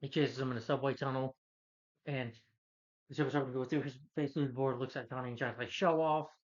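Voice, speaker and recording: A man's voice: mid-range voice, flat delivery, quick pace. A man reviewing a film in a casual, rambling plot recap, stringing events together with lots of "like" and "you know.". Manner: rambling, loose retelling full of "like" and "you know". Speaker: movie reviewer. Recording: muffled lo-fi audio.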